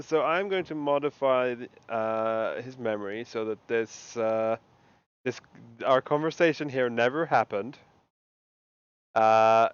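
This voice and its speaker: A man with a smooth, resonant voice explains his spell in halting speech, pausing often for fillers. His lo-fi mic dulls the sound, which is dry and close. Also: mid-range voice, no echo. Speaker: player. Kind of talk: casual game chat.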